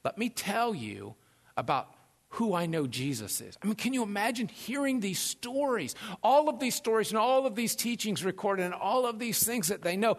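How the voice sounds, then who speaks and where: A man preaching a sermon as pastor, animated and conversational, joking and acting out the voices of people in his stories. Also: high voice. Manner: animated, conversational, jokes and acts out quotes.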